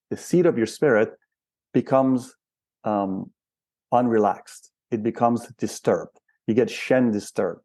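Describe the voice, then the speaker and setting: Gravelly, mellow older man. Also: medium pitch, no echo. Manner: explains patiently with rhetorical questions. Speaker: spiritual counselor and healer, interview guest. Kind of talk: reflective interview talk.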